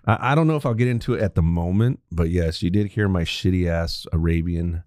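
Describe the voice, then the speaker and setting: A man's voice: deep voice, fairly quick, a little mellow, no room sound, studio quality. A man co-hosting a podcast who teases his partner, laughs often, and speaks to listeners. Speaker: podcast co-host. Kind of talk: casual podcast banter.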